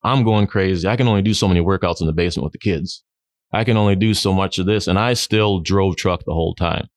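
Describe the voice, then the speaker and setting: Lively low-voiced man telling stories. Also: fast talker, no echo, clean studio sound. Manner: lively, laughs often, acts out friends' lines. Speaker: guest. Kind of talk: storytelling in a podcast interview.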